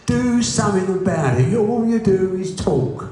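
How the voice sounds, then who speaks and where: A man's voice: sits high, expressive, unhurried, mellow, soft background music, pitched above the performer's own voice. A man quoting his skeptical wife in a nagging, dismissive tone. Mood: scolding. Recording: echoey room.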